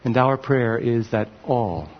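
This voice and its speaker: A man preaching a sermon as pastor, with emphatic stresses that climb high. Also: lively intonation, slow, slight background noise. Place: church. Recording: dull sound, long hall reverb.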